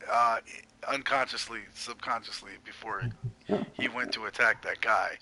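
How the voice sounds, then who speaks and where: Guy commentating a match, super bright sharp voice, playful joking banter. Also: mid-range voice, fairly even intonation, a little slow, a little hiss or hum, poor audio. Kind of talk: casual game commentary.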